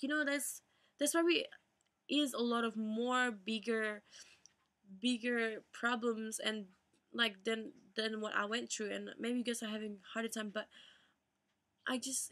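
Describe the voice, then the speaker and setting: A young woman talks straight to her viewers, her voice bright and edged with vocal fry. She speaks haltingly, near tears, restarting her sentences and filling gaps with "like" and "you know.". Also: on the high side. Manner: tearful, halting, many fillers and restarts. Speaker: vlogger. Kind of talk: emotional personal vlog.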